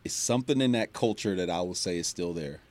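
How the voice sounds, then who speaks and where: A man's voice: sits low, animated, quick pace, no echo. A man co-hosting a casual sports talk show, emphatic and repeating his points for stress.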